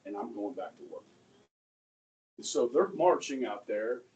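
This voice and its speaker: A middle-aged male high school history teacher telling a story to his class, checking in with "okay?" and acting out the people in it. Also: lively intonation, measured pace, darkish tone. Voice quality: conversational, acts out quoted voices, asks "okay?" often. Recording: distant mic in a classroom, faint room noise.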